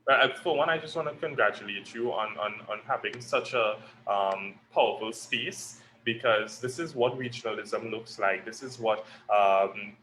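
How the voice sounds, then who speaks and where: A man's voice: fairly low pitch, a crowd in the background, low-quality recording. A young man with a Trinidadian accent, speaking earnestly as a guest in an online interview, with frequent ums and restarts. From Trinidad and Tobago. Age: young adult. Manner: earnest, measured speaking with many fillers.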